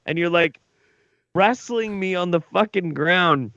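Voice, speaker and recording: A man's voice: sits high, expressive, slow pace, sharp tone, no echo, highs cut off. A drunk man co-hosting a talk show, telling a rowdy, profane story and acting out quotes. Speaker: co-host.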